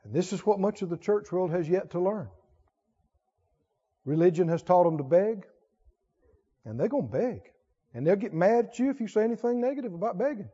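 Male preacher, sermon, rhetorical questions, emphatic repetition; high, animated voice; dull lo-fi recording. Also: brisk, pauses often, breathy edge.

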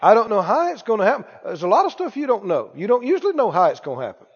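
A man preaching a lively sermon, calling out to the congregation and acting out anxious voices. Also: sits high, racing, husky. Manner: animated, calls for responses, acts out worried voices. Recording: dull echoey hall recording.

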